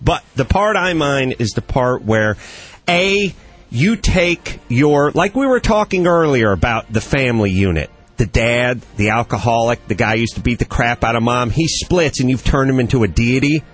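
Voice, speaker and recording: A man from Southern California hosting a talk radio show, ranting and getting loud and heated. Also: mid-range voice, lively intonation, moderate pace. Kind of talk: fired-up talk radio rant.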